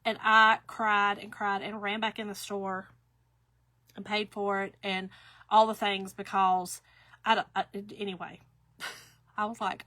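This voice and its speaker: A woman's voice: a little high, normal speed, sharp tone. A middle-aged woman, rambling through stories while demonstrating a craft to viewers. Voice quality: chatty, rambling storyteller. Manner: talks to viewers while working with her hands. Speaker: craft shop owner. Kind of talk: chatty livestream crafting demo.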